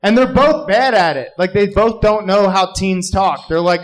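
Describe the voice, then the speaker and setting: A man performing a stand-up comedy set, rambling and jumping into shouted character voices. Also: sits high, moderate pace, few pauses, low-quality recording. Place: live comedy club.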